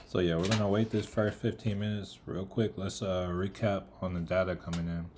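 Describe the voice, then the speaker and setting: A man's voice: sits low, flat delivery, a little fast, noisy background. A man giving casual live market commentary, eating as he talks and greeting viewers in the chat by name. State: eating, mouth full of food. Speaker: livestream trader.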